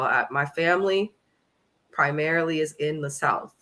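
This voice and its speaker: A woman's voice: low voice, unhurried, fairly bright tone. A woman from California hosting a casual live recap of a reality show, talking in a blunt, profane and opinionated way.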